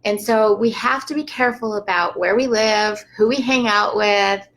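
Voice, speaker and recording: A woman teaching yoga on a live stream, gently guiding listeners through a slow breathing practice with soft laughs now and then. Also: mid-range voice, rough recording. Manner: calm, unhurried guidance with frequent soft laughs.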